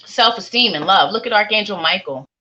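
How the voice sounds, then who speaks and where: A woman's voice: medium pitch, fairly quick, sharp tone. A woman giving tarot readings to viewers in a live stream, talking in a chatty, sing-songy way with playful asides. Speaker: psychic tarot reader. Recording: lo-fi stream audio.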